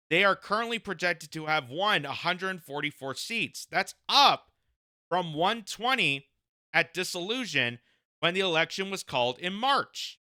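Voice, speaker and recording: Sharp-voiced, combative male commentator. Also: a little high, no room sound, clean studio sound. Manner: combative, repeats phrases for emphasis. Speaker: political commentator. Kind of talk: reading news aloud with opinionated commentary.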